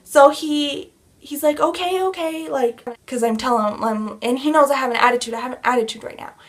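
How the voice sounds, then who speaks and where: A woman's voice: high voice, fairly even intonation, fairly quick. A young woman vlogger telling a story in a heated, profane rant.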